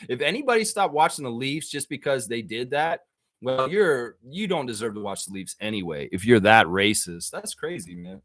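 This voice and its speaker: A man hosting a live basketball stream, chatting casually and reacting excitedly to viewer comments. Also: mid-range voice. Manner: animated, excitable, quick to laugh at his own bits. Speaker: livestream basketball show host.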